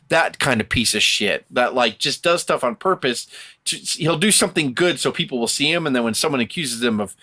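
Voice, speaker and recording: A man's voice: mid-range voice, expressive, fairly quick, bright, forceful tone. A man hosting a wrestling podcast, ranting angrily and with a lot of profanity, mocking other people in put-on voices. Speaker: podcast host. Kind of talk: heated casual chat.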